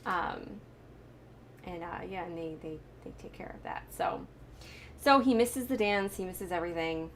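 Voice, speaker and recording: A woman's voice: on the low side, animated, measured pace. Woman from the United States, host, chatty movie recap, faint hiss behind her. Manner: chatty, laughs often, many fillers and restarts. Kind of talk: casual movie reaction chat.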